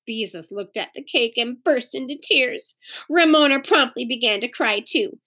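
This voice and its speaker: A woman reading a children's chapter book aloud as a teacher, pausing to explain words to young listeners. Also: a little high, pushed and bright. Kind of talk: read-aloud storytelling with explanations.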